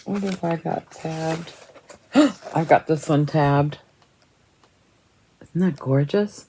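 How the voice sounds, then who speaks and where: A woman with a deep, warm voice slowly shows viewers her cross stitch chart books, chatting and admiring them as she thinks aloud while flipping pages. It's a casual show-and-tell on a low-quality recording with slight background noise.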